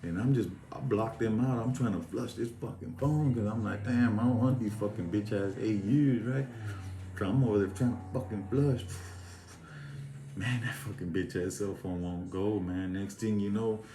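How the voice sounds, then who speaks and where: A man's voice: fairly low pitch, moderate pace, dark tone. A man telling a rambling prison story in casual, profane street slang. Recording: echoey room with faint noise.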